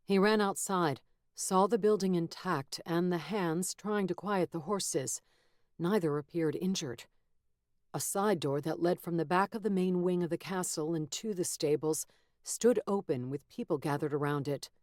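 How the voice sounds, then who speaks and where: A woman narrating a fantasy audiobook in a measured, steady storytelling manner, close to a studio mic. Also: fairly low pitch, no echo. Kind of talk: scripted narration.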